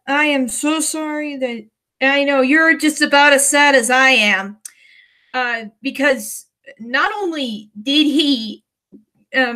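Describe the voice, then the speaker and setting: Livestream host, woman from the United States, high and slow, hesitant and emotional, close to tears. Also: bright, forceful tone. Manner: hesitant, many fillers and restarts, emotional. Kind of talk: casual livestream chat.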